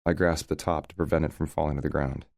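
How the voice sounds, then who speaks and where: A man's voice: rumbling low, level tone, fast, creaky, a little mellow, dry recording. A man narrating a first-person romance audiobook in a wry, conversational way, recorded close to the mic.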